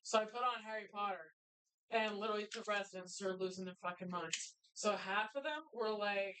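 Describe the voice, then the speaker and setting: A woman on a casual live bar show, telling stories in a quick, offhand way. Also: medium pitch, a bit bright, rough recording. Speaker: guest co-host. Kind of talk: casual bar podcast banter.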